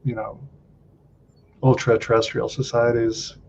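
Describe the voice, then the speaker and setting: A man, a meditation teacher joining as a guest, speaking in a laid-back, halting way with fillers. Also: mid-range voice, flat delivery, vocal fry, a little mellow, highs cut off, slight background noise. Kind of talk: casual live-stream chat.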